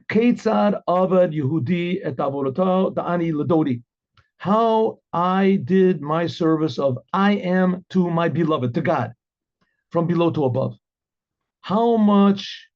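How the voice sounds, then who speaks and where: Rabbi guy giving a casual torah class, kinda husky, dull lo-fi sound. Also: on the high side, darkish tone. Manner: chatty, acts out both sides of an inner dialogue; repeats and restarts phrases, reads Hebrew then translates. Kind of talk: informal Torah lesson. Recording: dull lo-fi recording.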